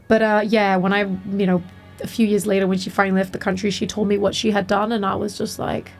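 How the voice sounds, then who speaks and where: A woman's voice: mid-range voice, little pitch movement, fast talker, gravelly, darkish tone, soft background music. A woman streamer chatting frankly about her life while she plays, full of filler words. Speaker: game streamer. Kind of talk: casual storytelling while gaming.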